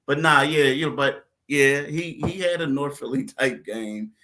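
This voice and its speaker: A man's voice: medium pitch, unhurried. A man co-hosting a sports podcast, telling a story with lots of laughs and acting out other people's voices. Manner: animated storyteller, acts out voices and laughs often. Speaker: podcast co-host. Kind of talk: casual sports chat.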